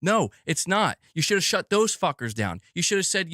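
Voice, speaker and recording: A man's voice: a little high, very animated, quick pace, hardly any pauses, bright, forceful tone, no echo, studio quality. A man hosting a gaming news channel, delivering an angry, heated rant full of swearing and repeated phrases.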